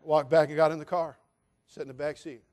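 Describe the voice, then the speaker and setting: With a fairly high voice, quick pace, and fairly even intonation, an older Californian man preaches a sermon in folksy, dramatic storytelling fashion. He renders quoted voices in hushed tones.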